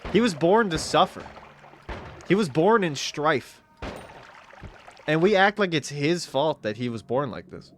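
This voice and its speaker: A man's voice: fairly high pitch, animated, measured pace, long pauses, a bit bright, slight background noise. A man streaming a game, chatting casually, joking and swearing, with sudden yelps. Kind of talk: casual gaming stream commentary.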